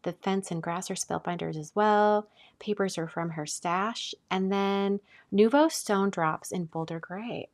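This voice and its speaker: A woman hosting a casual live stream, chatting and gushing as she opens mail, often dropping to a soft whisper. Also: mid-range voice, measured pace. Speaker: card-making channel host.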